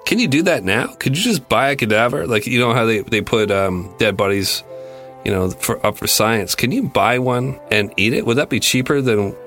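A man co-hosting a podcast in casual comedic chat, with deadpan jokes and rambling questions. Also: mid-range voice, moderate pace, soft background music. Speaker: podcast co-host.

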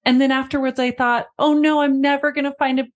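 A sobbing six-year-old girl pleads in a high, tearful voice, as a woman puts her on. The little kid's voice sits far above the woman's own and sounds small and wounded. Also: level tone, a little fast, natural voice.

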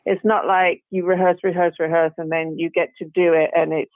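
Here the British actress speaks a little quickly in a lowish, flat voice, still rambling through a relaxed interview full of "you know"s, false starts and laughs. There's no room sound, just dry, tinny phone-style audio.

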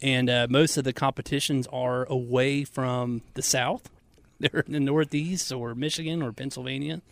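A man co-hosting a podcast in casual chat, telling stories earnestly and warmly, with lots of filler words. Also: mid-range voice, fairly even intonation, moderate pace, creaky, dry recording. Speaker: podcast co-host.

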